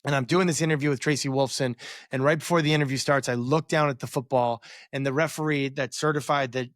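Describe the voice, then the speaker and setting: A man in his forties talks through a personal memory, circling back with fillers and restarts. His voice sits in a middle pitch. The recording is close and dry. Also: steady tone, quick pace, no room sound. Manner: rambling, many fillers and restarts. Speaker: guest, former quarterback. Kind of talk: reflective storytelling interview.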